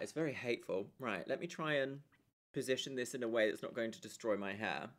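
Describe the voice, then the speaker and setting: A woman's voice: extremely low pitch, very animated, a little fast, a bit bright. A young woman chatting casually on a live stream, giggling and thanking her viewers as she plays.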